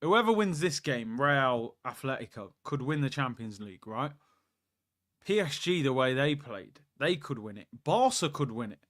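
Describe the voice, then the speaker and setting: A young man hosting a live football watchalong, chatting excitably, reacting to the match and answering viewer questions. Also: mid-range voice, moderate pace.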